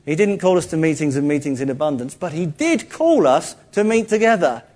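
A man preaching to a congregation in an animated, chatty way, cracking jokes as he goes. His voice sits a little high for a man. He acts out the people he quotes. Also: a little fast. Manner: lively, jokey, conversational, acts out quotes. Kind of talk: sermon.

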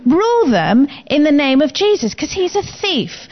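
Woman preacher, emphatic and commanding, high and lively pitch. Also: moderate pace. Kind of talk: sermon. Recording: slightly dull lo-fi recording.

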